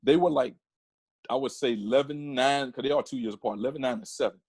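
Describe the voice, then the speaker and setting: A man talking as a podcast guest in a casual interview, an animated storyteller who often restarts his sentences. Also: mid-range voice, quick pace, husky, dry recording. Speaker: podcast guest, comedian and photographer.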